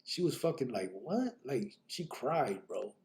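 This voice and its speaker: A man's voice: medium pitch, animated, unhurried, a little mellow. A man telling his own story on a live podcast, blunt and profane, full of fillers. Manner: blunt, profane street talk with many fillers.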